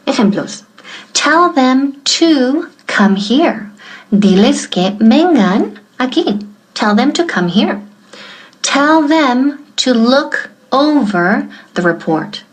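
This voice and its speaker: A woman running a language lesson, her voice pitched a little high as she takes each example sentence slowly. She drills the phrases deliberately, pausing to explain before repeating them. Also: big pitch swings, rough recording. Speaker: English teacher.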